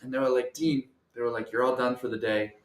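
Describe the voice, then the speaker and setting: Young guy storytelling on a show, acts out the voices, goes quiet then yells, echoey room. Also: mid-range voice, fairly even intonation, quick pace. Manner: acts out quoted voices, swings from soft to shouting. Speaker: guest storyteller. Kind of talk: animated personal storytelling.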